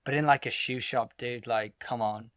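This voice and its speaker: A man co-hosting a casual podcast chat, blunt and exasperated as he tells his stories, cursing now and then. His voice sits at an everyday middle pitch. The recording is dry and close, with no room sound. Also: steady tone, normal speed, fairly bright tone, clear, resonant tone, dry recording. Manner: blunt, exasperated storytelling with swearing. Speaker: podcast co-host.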